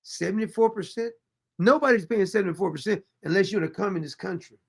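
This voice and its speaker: A man's voice: high voice, fast, gravelly, slightly rough. A man hosting a commentary show, reacting to clips with sarcastic, exasperated mockery and reading viewer comments aloud.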